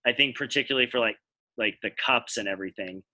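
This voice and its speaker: An American man co-hosts a podcast, explaining things at length in casual chat as he thinks aloud. His medium-pitched voice is pushed and bright, and he talks quickly.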